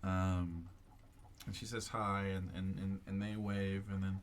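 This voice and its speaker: A man working as game master, narrating a tabletop game in a halting, unscripted way with frequent pauses and restarts. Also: low-pitched, flat delivery, slight background noise. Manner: halting, many fillers and restarts.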